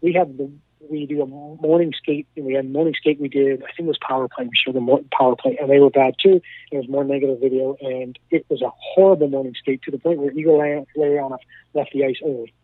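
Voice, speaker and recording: A mid-range male voice moves fast on a dry recording as this ex-hockey coach, now a broadcaster, tells stories in a radio interview. He repeats words and acts out quoted dialogue with animation, and the phone line is tinny.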